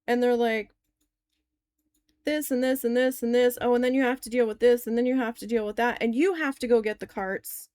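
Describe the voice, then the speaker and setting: A woman's voice: on the high side, fairly even intonation, a little fast, a little mellow, no echo. A woman in her forties, chatty and long-winded, telling a story in a casual crafting vlog and swearing when annoyed. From New Jersey. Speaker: crafting vlogger.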